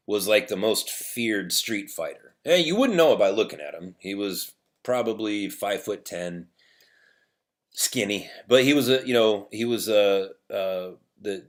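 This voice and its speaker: A man hosting an opinion show, telling a rambling story with restarts and sarcastic jabs. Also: on the low side. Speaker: podcast host.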